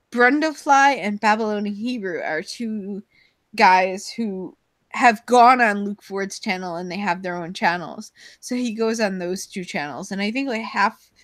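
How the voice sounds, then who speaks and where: A woman's voice: mid-range voice, a bit bright, dry recording. A woman hosting a casual live stream chat, rambling and giggly as she jumps between topics, heard over a video call.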